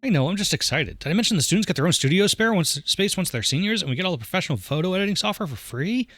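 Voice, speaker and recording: A man voicing an excitable teenage girl who chatters eagerly to her father. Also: high-pitched, dry recording, studio quality, voice pushed up. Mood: excited. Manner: gushing, rapid-fire chatter.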